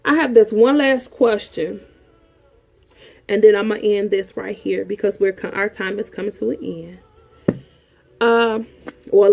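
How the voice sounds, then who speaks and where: A woman's voice: mid-range voice, vocal fry, darkish tone. A woman counselor giving frank relationship advice in an emphatic, preachy way, repeating her points. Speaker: sexologist and counselor host.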